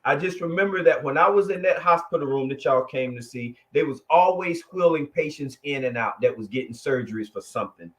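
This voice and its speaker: A man, a guest telling his testimony in an emotional, halting way with many restarts. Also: fairly high pitch, lively intonation. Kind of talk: conversational testimony.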